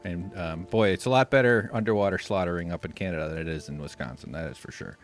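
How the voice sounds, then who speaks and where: A man from the United States hosting a live stream, talking in a rambling, sarcastic way with deadpan jokes. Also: low-pitched, fast talker. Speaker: livestream host. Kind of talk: casual live-stream chat.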